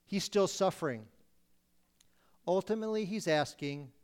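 A man's voice: on the high side, measured pace, long pauses, a little mellow, smooth. A man preaching a sermon, earnestly voicing pleading questions to God.

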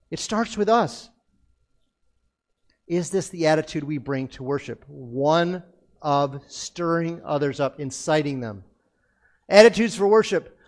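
A man preaching a sermon as pastor of a church, earnest and emphatic, building his points through repeated phrases. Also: high voice. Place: church sanctuary.

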